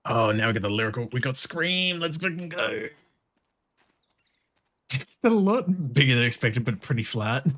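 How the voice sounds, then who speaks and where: A man streaming a cleaning game, chatting casually with viewers and laughing often. His voice moves around a lot in pitch, and he drops a lot of casual swearing into his running commentary. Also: very animated, moderate pace, long pauses, a bit bright. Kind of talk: casual commentary while playing.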